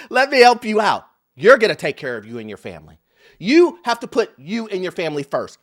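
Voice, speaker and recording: A man's voice: sits high, sing-song, normal speed. A man hosting a commentary video, emphatic and mocking, acting out quotes as he reacts to clips. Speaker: host.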